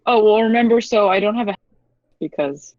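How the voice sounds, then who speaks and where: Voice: mid-range voice, brisk, dry recording. A tabletop game player chatting playfully while describing their character's actions. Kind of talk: casual tabletop play. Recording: dull lo-fi recording.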